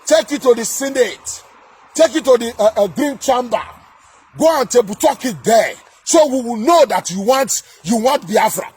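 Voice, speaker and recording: A man delivering an angry political rant, shouting, scolding and repeating himself. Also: extremely high pitch, expressive, moderate pace, husky, soft background music. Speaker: political commentator.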